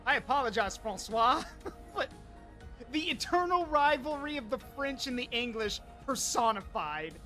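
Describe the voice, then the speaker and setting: A man's voice: very high-pitched, animated, measured pace, pushed and bright, soft background music. A man streaming a video game in casual commentary, chatty and often bursting into laughter.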